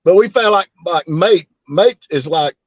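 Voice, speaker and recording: A playful man with a Southern American drawl, his voice bouncing around a lot and sitting on the higher side. The sound is dry and slightly dull, like a modest lo-fi mic. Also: lively intonation, a little slow, dry recording. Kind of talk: casual chat.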